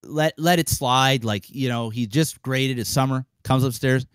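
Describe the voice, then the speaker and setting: A young man on a podcast mic, telling a long story in an animated, casual way, swearing freely and acting out the people in it. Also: mid-range voice, measured pace, clear, resonant tone, no room sound. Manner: animated, acts out quoted voices, swears freely. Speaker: podcast co-host.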